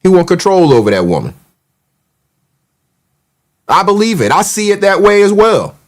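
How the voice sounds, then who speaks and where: High-voiced man ranting profanely. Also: sing-song, moderate pace. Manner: profane, mocking and heated; reacts to live chat. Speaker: show host. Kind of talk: casual livestream rant.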